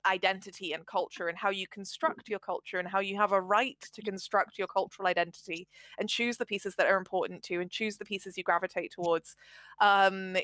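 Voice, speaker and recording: A woman's voice: mid-range voice, steady tone, a little fast, fairly bright tone, no room sound. A woman in her thirties with a Received Pronunciation English accent, talking reflectively on a live stream with frequent fillers and restarts. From England. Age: 30s. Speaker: series creator. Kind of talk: casual stream chat.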